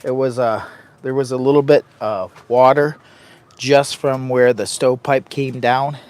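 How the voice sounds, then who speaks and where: A man's voice: mid-range voice, a little mellow. Man, camping vlogger, hot and sweaty in a heated tent, rambling live-stream chat, dotes on his dog. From Michigan. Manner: rambling, talks to his dog in a doting baby voice. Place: inside a heated tent in the rain.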